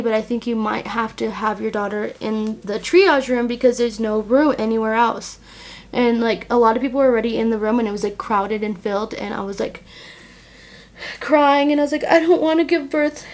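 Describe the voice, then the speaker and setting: A young woman vlogger telling a personal story casually while doing her makeup, filling her talk with "like" and retelling what people said in an animated way. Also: fairly high pitch. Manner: chatty, heavy use of "like", animated retelling. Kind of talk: casual get-ready-with-me storytelling.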